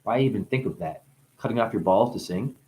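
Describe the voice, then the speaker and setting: A man in a rambling spiritual monologue, free-associating through wordplay and profanity, dropping to hushed asides and breaking into crooning. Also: on the low side, brisk. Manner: profane, teasing. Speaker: spiritual talker.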